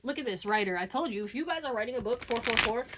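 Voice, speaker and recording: A woman's voice: on the high side, expressive, fast, heavy background noise. A woman doing a casual, chatty tarot reading, talking straight to her viewers and swearing now and then. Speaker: tarot reader.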